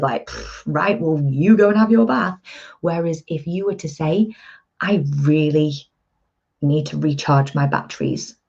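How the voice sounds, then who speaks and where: A woman in her thirties speaks earnestly and chattily to her viewers as an empowerment coach. Her voice sits low, with a mellow, husky tone. The recording sounds dull and lo-fi. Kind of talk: casual motivational talk to viewers.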